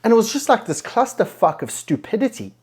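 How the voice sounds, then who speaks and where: A man's voice: high voice, very animated, brisk, darkish tone, slightly rough. Blunt, profane man giving motivational talk. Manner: blunt, heavily profane, emphatic. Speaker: podcast host. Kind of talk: motivational monologue.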